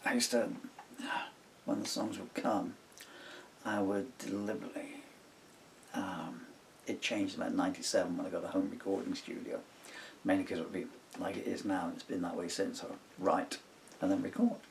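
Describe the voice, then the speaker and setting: Older male songwriter, low and gravelly, meandering self-interrupting chat, distant mic with faint hiss. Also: fairly even intonation, moderate pace. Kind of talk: casual rambling talk while writing a song. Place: home recording studio.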